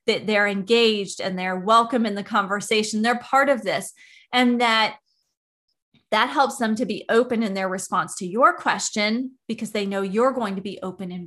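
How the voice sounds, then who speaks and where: Calm woman teaching coaching skills. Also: medium pitch. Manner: calm, explanatory, with everyday analogies. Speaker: coaching podcast host. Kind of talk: instructional podcast monologue.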